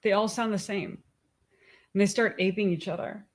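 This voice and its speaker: A woman's voice: medium pitch, steady tone, moderate pace. A woman co-hosting a podcast, chatting casually with her husband and thinking aloud with restarts. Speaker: podcast co-host.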